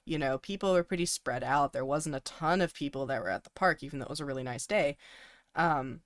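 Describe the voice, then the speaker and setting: A woman's voice: low-pitched, a little fast, dry recording, clean studio sound. A young woman co-hosting a podcast, telling a long story casually with many ums and likes and frequent laughs. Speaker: podcast co-host.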